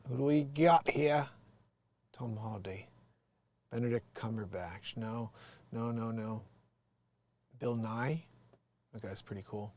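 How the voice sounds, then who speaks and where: Speaking slowly with long pauses, this man thinks out loud while running a casual, loose livestream. His mid-pitched voice shifts between near-whispered mumbles and abrupt bursts of loud excitement.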